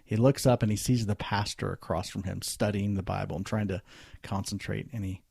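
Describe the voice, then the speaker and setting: A man's voice: fairly low pitch, fairly even intonation, normal speed, gravelly, darkish tone, husky, no echo, clean studio sound. A man hosting a podcast, casually retelling a story in a conversational way. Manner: conversational, many fillers and restarts. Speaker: podcast host.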